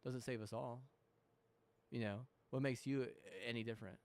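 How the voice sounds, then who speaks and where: A young man rambles through his gaming session in a loose, profane stream of talk. He restarts sentences constantly and leans on fillers. His voice sits at an ordinary middle pitch. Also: fairly even intonation, normal speed. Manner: heavy swearing, frequent restarts and fillers; mocking mimicry of apologies. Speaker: gamer.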